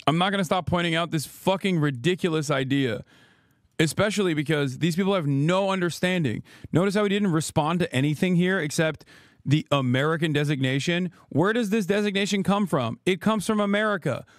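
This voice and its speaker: A man's voice: fairly high pitch, a little fast, dry recording, studio quality. A man streaming live, ranting angrily about politics with lots of profanity and sarcasm. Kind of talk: heated live-stream rant.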